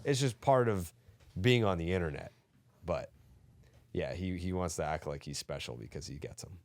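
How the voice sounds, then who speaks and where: A man's voice: deep voice, expressive, moderate pace. Man ranting hotly on a sports podcast. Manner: heated, profane ranting. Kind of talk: casual sports talk.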